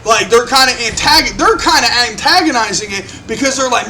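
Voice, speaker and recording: A man's voice: very high-pitched, brisk. A young man telling a story in a casual, profane way, acting out what people said. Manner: animated, profane, acts out quotes. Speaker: vlogger.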